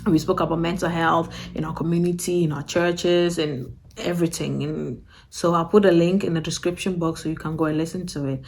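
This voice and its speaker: Animated woman. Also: low voice, a little fast. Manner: animated, repetitive, acts out quoted voices with laughs. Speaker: vlogger and podcast host. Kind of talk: casual talk to camera.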